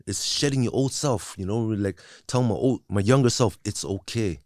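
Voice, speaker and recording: Slightly mellow and lowish, this voice moves at a moderate pace, recorded dry in a studio. The man, a guest on a podcast, reflects candidly on his past and recovery in conversation, restarting often and saying "you know what I mean."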